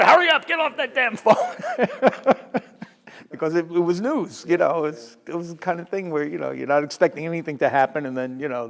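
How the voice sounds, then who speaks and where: An older man spins lively anecdotes as an interview guest. His voice has a gravelly, creaky edge. The room adds a long, lingering reverb. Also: mid-range voice. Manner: lively anecdotal storyteller who laughs and acts out quotes. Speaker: retired sports journalist, interview guest. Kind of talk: storytelling in a sit-down interview.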